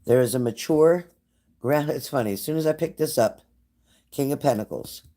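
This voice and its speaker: Mellow-voiced man giving a live tarot reading. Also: medium pitch, moderate pace, a little hiss or hum. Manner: casual, talks straight to a viewer, breaks off into chatty asides. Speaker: psychic tarot reader. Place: at home indoors by a glass sliding door.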